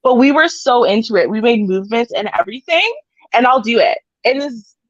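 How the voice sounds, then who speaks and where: A woman's voice: fairly high pitch, lively intonation, brisk, no echo, lo-fi sound. Bubbly Canadian woman, giggly chatter. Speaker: co-host. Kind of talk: casual chat on a live stream.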